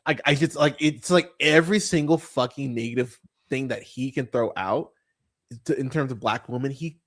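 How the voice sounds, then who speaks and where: Exasperated profane male podcast host. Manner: exasperated, profane, laughs often, animated pitch jumps. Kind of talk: casual ranting film review.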